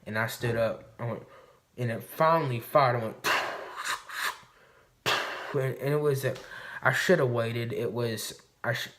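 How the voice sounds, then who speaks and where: A man's voice: medium pitch, a little slow, pauses often, fairly bright tone. A man vlogging to camera, telling a hunting story in a rambling, swearing, casual way. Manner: rambling and profane, recounting a hunt.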